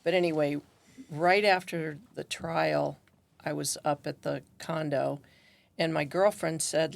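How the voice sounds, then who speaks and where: A middle-aged woman telling a personal story in conversation, animated and acting out what others said. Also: low-pitched, a little slow, vocal fry. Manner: animated, acts out quoted voices. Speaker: guest.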